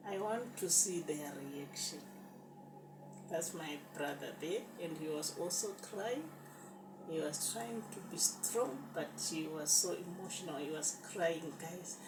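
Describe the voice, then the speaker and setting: A woman's voice: sits low, measured pace. Woman, storytime vlogger, emotional; far-off echoey sound with noise behind. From Zimbabwe. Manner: emotional, repetitive, addresses viewers as "guys". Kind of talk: storytime narration. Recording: distant roomy recording with background noise.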